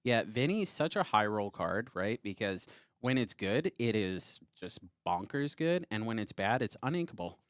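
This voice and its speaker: A man's voice: lowish voice, sing-song, moderate pace, no echo. A man co-commentating a card game tournament, breaking down plays and past matches with a dry sense of humor.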